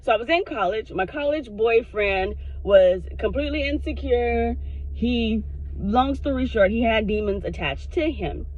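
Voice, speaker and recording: High-voiced woman vlogger, lo-fi sound. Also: a little slow. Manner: frank, animated, swears freely. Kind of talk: casual storytime monologue. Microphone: self-recorded on camera. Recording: dull lo-fi sound.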